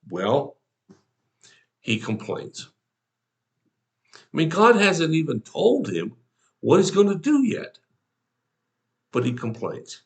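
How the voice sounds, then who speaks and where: A man's voice: medium pitch, gravelly. A man, an older pastor, giving a devotional sermon in a folksy, conversational way, talking straight to the listener.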